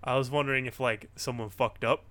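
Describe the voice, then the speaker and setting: A man co-hosting a casual wrestling chat, excitable and rambling, with lots of restarts. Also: mid-range voice, a little fast, no echo. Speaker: podcast co-host.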